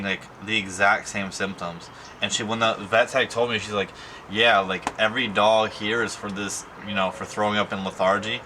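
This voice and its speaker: A man's voice: on the low side, bright, forceful tone, slight background noise. A young man talking in a casual personal vlog, rambling and emotional, with many fillers and restarts. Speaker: vlogger.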